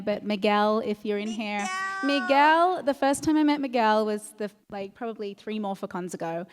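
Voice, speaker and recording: A woman's voice: mid-range voice, darkish tone. A woman speaking as a guest on a convention panel, bubbly and effusive. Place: convention hall stage.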